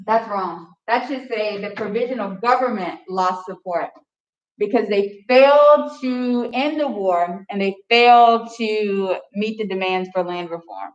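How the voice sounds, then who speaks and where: A woman's voice: medium pitch, unhurried, highs cut off. A young woman teacher giving a chatty history lecture to her class, joking with students. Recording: echoey classroom, distant mic.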